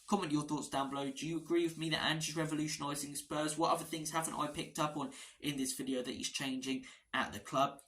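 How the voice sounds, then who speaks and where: Man, football fan vlogger, bright tone, passionate, chatty. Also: medium pitch. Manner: passionate, chatty, repeats words when excited. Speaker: football fan channel host. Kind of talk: casual fan analysis vlog.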